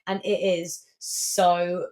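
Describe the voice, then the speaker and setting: A young woman co-hosting a podcast with a fairly low voice. She talks casually and gushes, filling her sentences with "like". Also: level tone, drawn-out words, a little mellow. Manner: gushing, heavy use of filler "like". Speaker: podcast co-host. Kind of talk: casual chat.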